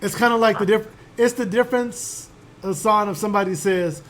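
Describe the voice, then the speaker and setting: A man from Chicago running a tabletop game, animated and emphatic with casual profanity. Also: sits high, fairly quick. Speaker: game master. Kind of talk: tabletop game narration and banter.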